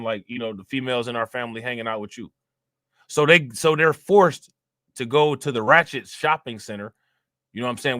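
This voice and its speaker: A man's voice: mid-range voice, sharp tone, no echo, studio quality. A young man commenting casually on a livestream and reading out chat comments, with lots of fillers and repeated words. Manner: loose and conversational, fillers and repeats.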